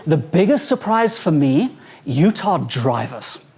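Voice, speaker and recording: A high-pitched young man with a South African accent delivers a stand-up routine, his voice swooping up and down as he jokes. He talks in an animated, playful way. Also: slow pace. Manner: animated, jokey, acts out quoted voices. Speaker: stand-up comedian. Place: conference hall stage with a live audience.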